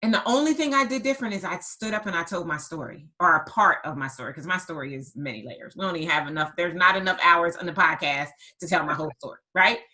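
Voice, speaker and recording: A woman hosting a podcast and telling a story in a lively conversational way, stressing her points by repeating words. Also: fairly low pitch, fast, few pauses, rough recording. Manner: emphatic, repeats words for effect. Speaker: podcast host and business coach.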